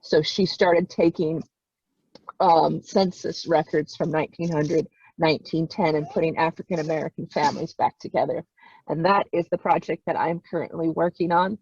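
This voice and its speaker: A woman's voice: low voice, fairly even intonation, normal speed, a little mellow, slightly rough. A woman volunteer genealogist speaking on a video call, choked up and crying as she gushes and repeats herself. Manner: tearful, gushing, repeats herself. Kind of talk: emotional participant remarks. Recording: dull dry video call audio.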